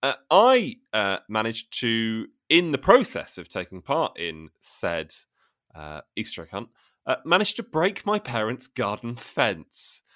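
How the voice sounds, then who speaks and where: Wry man in his late twenties, lively voice. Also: mid-range voice, measured pace. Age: late 20s. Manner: wry, deadpan storytelling with lively ups and downs. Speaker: podcast co-host. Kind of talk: casual podcast chat.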